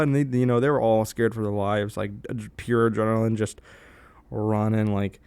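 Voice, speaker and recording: A man's voice: mid-range voice, fairly even intonation, fast, darkish tone, smooth, no room sound. A young man casually telling a story to the camera in a rambling way, with many fillers and restarts. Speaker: vlogger.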